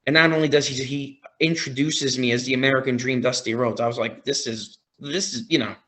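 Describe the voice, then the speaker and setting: A man on a podcast as a guest, telling a story in a casual, excited way, often quoting his own reactions. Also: medium pitch, brisk. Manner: excited, retelling with quoted reactions.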